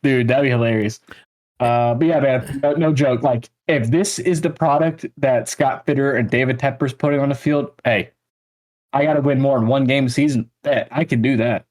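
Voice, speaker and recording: A man's voice: medium pitch, normal speed, a little mellow. A young man co-hosting a casual sports podcast, an exasperated, self-mocking fan ranting about his team. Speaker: podcast co-host, Panthers fan.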